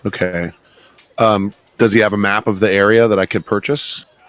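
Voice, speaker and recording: A man's voice: fairly low pitch, steady tone, moderate pace, fairly bright tone. A man playing a tabletop game, casual and a little hesitant while asking questions. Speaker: player.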